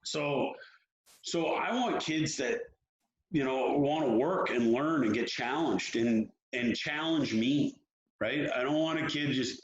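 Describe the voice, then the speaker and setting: A man who coaches young hockey players, talking frankly and telling stories in an animated way during an interview. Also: mid-range voice, slow pace, slight background noise. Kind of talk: candid interview talk. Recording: roomy, dull lo-fi sound.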